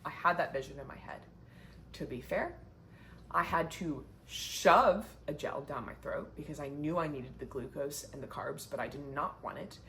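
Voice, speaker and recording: Young woman, low voice, chatty vlog talk full of likes, bit of faint noise behind. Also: normal speed, a bit bright. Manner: chatty and heartfelt, many "like" fillers. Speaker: vlogger, marathon runner. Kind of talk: casual sit-down chat. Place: indoors, sitting down.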